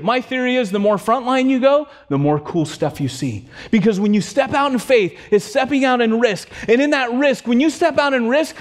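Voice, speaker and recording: Brief: middle-aged male pastor, high-pitched, lively sermon storyteller who does the voices. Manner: animated storytelling, acts out voices, swings from loud to hushed.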